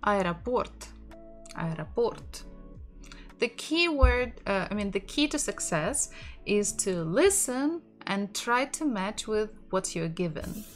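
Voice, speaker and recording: Woman, Russian accent, native Russian speaker, casual online tutor, slow and patient, faint music behind. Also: mid-range voice, very animated. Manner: unhurried, repeats words aloud, light laughs. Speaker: Russian language teacher. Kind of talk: casual online language lesson.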